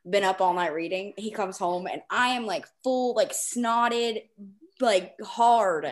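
Gushing, excitable woman podcast host. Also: medium pitch. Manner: excitable, gushing, fast rambling with many fillers. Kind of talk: casual podcast chat.

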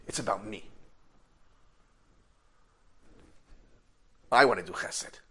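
A man voicing a proud middle-aged hotel owner who flares into shouting. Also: lowish voice, fast talker, husky, heavily acted. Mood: sincere. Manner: swings from calm to furious shouting.

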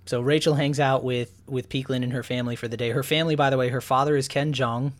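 A man's voice: mid-range voice, fairly even intonation, quick pace. Rambling man recapping a film. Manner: rambling, full of fillers and restarts. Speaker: podcast co-host recapping a film. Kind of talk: casual chat.

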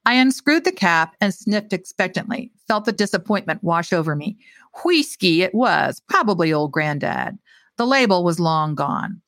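A woman narrating a first-person mystery novel in a wry, steady storytelling manner. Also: lowish voice, moderate pace, dry recording. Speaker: audiobook narrator.

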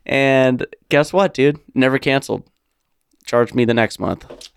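A man's voice: mid-range voice, a little slow, creaky, clean tone, no echo. Joking, profane podcast co-host man, dry sound. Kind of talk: casual banter. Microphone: podcast microphone.

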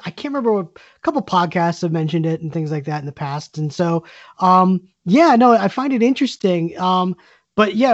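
A man's voice: high-pitched, no echo, highs cut off. A man co-hosting a podcast in casual chat, upbeat and a bit hesitant when answering. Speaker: podcast co-host.

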